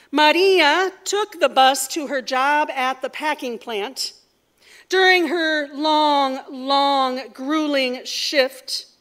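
A woman giving a sermon, telling stories in a measured, earnest way before leading a prayer. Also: high-pitched, fairly bright tone. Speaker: preacher. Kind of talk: sermon with storytelling.

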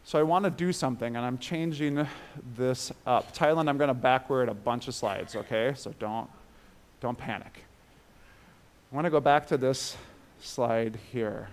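A man preaching a sermon with emphatic swells and drops in his voice, then leading the listeners through a guided breathing exercise. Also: normal speed. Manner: emphatic, rising and falling in pitch and loudness.

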